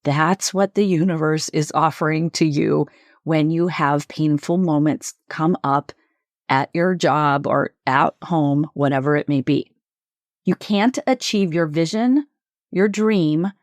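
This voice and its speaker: A woman's voice: on the low side, darkish tone, no room sound. A middle-aged woman hosting a solo coaching podcast, reflective and emphatic, repeating questions with shifting stress. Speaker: leadership coach podcast host.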